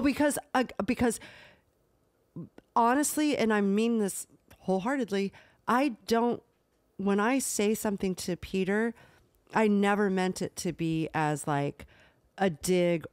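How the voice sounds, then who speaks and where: A woman co-hosting a casual chat podcast, talking earnestly and reflectively with halting restarts. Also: medium pitch, a little mellow, smooth, dry recording. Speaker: podcast co-host.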